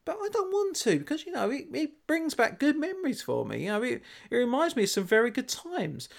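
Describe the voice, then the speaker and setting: A man's voice: extremely high pitch, sing-song, brisk, gravelly. A man telling rambling stories in casual chat, laughing often as a podcast co-host.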